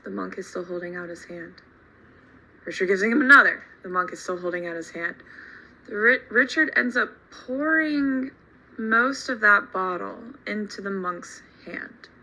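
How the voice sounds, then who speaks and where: A woman teacher telling a story to her class in an animated, emphatic way. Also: medium pitch, a little slow, low-quality recording. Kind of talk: storytelling lesson.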